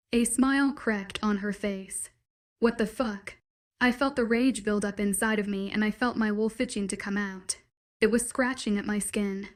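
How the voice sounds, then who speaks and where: A woman narrating a first-person romance audiobook with an even, steady reading. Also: mid-range voice.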